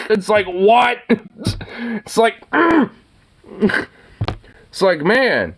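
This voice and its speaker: Animated young man ranting with laughs. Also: high-pitched, drawn-out words, gravelly, long pauses. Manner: animated, laughing, swearing, lots of fillers. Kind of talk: casual solo rant.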